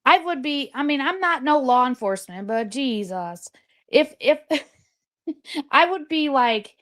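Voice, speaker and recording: A woman's voice: high-pitched, animated, takes it slowly, a bit bright. A woman calling in to a live talk show, rambling and repeating herself as she shares her idea. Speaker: caller. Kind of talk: casual call-in chat.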